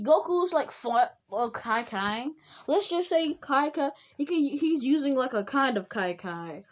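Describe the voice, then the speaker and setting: A woman's voice: a little high, darkish tone. A woman telling an improvised fan story, rambling and often restarting to revise the plot.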